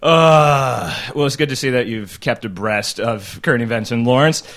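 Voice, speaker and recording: Deadpan man hosting a comedy podcast. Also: mid-range voice, normal speed. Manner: dry, deadpan. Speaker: podcast host. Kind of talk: comedy interview.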